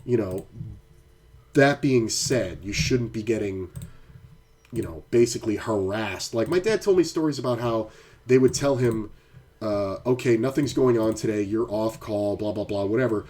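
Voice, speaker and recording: A man's voice: on the low side, moderate pace, a little mellow. A middle-aged man streaming poker from home, chatting casually and ranting with heavy swearing. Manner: profane, ranting storyteller. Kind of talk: casual live-stream chat.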